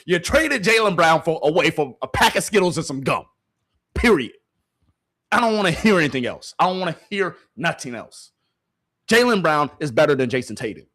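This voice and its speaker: A heated host rants about sports to a stream chat, repeating himself and addressing the audience directly in slang. His slightly high voice is very animated and sharp, at a moderate pace.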